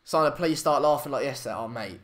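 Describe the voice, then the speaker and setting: A man's voice: medium pitch, quick pace, fairly bright tone. A young man, hosting a casual live stream chat, hesitant with many fillers and restarts. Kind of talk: casual live match chat, reading comments.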